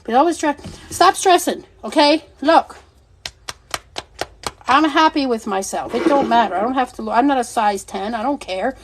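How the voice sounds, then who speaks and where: A middle-aged woman with a high, bright-sounding voice hosts a casual livestream. She talks bluntly and with lots of energy, swearing freely and laughing often as she chats with her viewers. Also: expressive, normal speed, background noise. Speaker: livestream seller and host.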